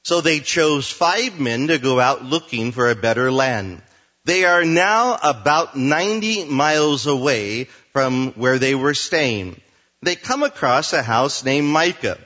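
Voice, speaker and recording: A male pastor preaching a sermon, reading scripture slowly and then explaining it in plain words. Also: medium pitch, fairly bright tone, lo-fi sound.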